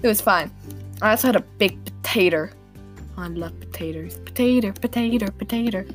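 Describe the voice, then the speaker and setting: A teenage girl chatting alone on her podcast about her day, rambling and poking fun at herself between giggles. Her voice sits a little low for a girl. Soft music plays faintly behind her. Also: moderate pace. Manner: rambling, self-deprecating, giggly. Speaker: podcast host. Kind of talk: casual diary-style monologue.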